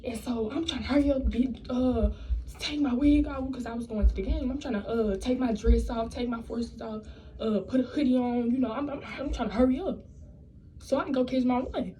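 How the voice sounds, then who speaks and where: A woman's voice: a little high, a little fast, warm tone, a little hiss or hum, poor audio. Profane, rambling young woman telling a story. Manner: blunt, profane, rambling with many restarts. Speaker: vlogger. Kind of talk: casual storytime.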